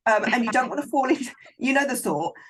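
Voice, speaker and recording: A woman's voice: fairly high pitch, lively intonation, quick pace, fairly bright tone, a little hiss or hum. A woman filmmaker, a guest in a casual interview, talking in a frank, encouraging and emphatic way over a video call.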